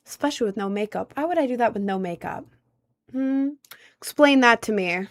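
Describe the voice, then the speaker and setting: A woman's voice: fairly high pitch, animated, a little fast. Chatty young woman live streamer. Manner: rambling, chatty, answers chat. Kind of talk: casual live-stream chat.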